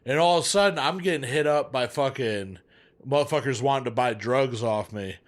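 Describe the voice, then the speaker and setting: A man's voice: medium pitch, brisk. Swearing male podcast storyteller, mid voice. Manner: loose storyteller, heavy swearing. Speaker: podcast co-host. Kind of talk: casual chat.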